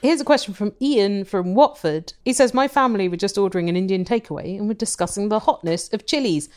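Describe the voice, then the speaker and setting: A woman's voice: mid-range voice, quick pace, darkish tone. A woman co-hosting a podcast with a dry, witty chatty manner. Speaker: podcast co-host. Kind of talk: casual chat.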